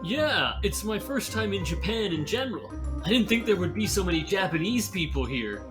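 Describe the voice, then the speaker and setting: A man's voice: high-pitched, big pitch swings, moderate pace, over music. A man playing a tabletop game in character, earnest, naive and dim-witted. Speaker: player. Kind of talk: in-character tabletop role-play.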